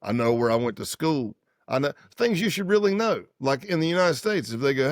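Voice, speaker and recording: A man's voice: mid-range voice, a little fast, no echo, clean studio sound. Chatty man acting out stories. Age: 50s. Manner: acts out quoted dialogue in lively voices; loose, rambling, self-correcting speech. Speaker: former undercover agent, guest. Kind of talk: casual interview storytelling.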